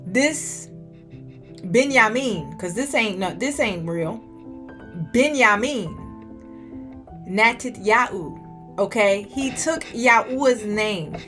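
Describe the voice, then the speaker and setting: A woman's voice: medium pitch, unhurried, few pauses, soft background music. A woman vlogger giving a preachy bible study talk, often checking in with "okay?". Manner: preachy, keeps asking "okay?".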